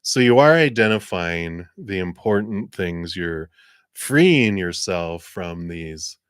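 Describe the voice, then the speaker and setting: A man giving gentle, encouraging tarot readings on a live stream, talking casually with soft laughs. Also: low-pitched, expressive, slow, clean tone, dry recording, clean studio sound. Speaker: tarot reader.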